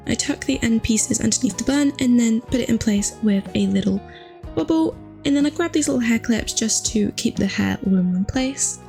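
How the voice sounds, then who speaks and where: A young woman chatting casually through a hair tutorial, upbeat and full of fillers, her voice still rough from just waking up. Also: fairly high pitch, normal speed, mellow, faint music behind. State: morning voice, just woken.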